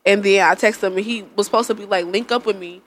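A young woman rattles off stories at a brisk clip in loose, casual chat. She is blunt and profane, and she laughs often as she talks. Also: medium pitch, steady tone, a little hiss or hum.

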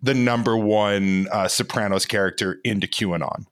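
A man's voice: fairly low pitch, steady tone, moderate pace, fairly bright tone, smooth. A man co-hosting a podcast in casual chat, dropping dry quips. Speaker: podcast co-host.

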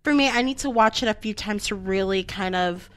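A woman's voice: mid-range voice, a little fast, a bit bright, clear, resonant tone, no room sound. A woman in a casual movie discussion, talking hesitantly with many fillers.

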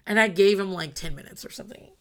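A woman's voice: medium pitch, fast talker, a bit bright. A mother in her thirties talking candidly about parenting, blunt and emphatic, swearing freely. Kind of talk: casual monologue.

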